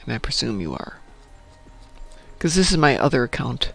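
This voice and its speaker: A man's voice: medium pitch, big pitch swings, normal speed, creaky, a bit bright, faint music behind. A man streaming an online space game, chatting casually with viewers and making playful sound effects as he plays. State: hiccuping and burping. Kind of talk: casual live-stream chat.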